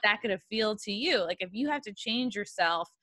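A young woman hosts a relaxed podcast conversation, speaking candidly and working her opinions out as she goes. Her voice is bright and forward. The sound is dry and close, with no room around it. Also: mid-range voice, moderate pace, no echo. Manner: candid, opinionated, talks it through with fillers. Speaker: podcast host. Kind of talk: casual podcast chat.

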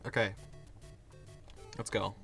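A hoarse young man giving casual commentary while playing a game, getting frustrated and yelling at it. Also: slow pace, soft background music. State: hoarse, voice worn out. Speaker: gaming video creator.

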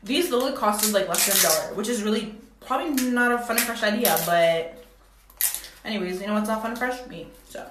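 A young woman vlogging casually at home, excitable and dramatic, with sudden loud exclamations. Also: medium pitch, fairly quick. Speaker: beauty vlogger. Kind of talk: casual vlog chat. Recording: echoey room with faint noise.

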